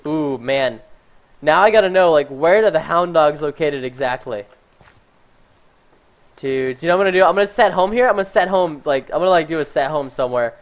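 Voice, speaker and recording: A man giving chatty, excitable live commentary while playing a game, talking to his viewers and easily startled. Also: fairly high pitch, fairly quick. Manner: talks to chat and viewers. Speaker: gaming livestreamer.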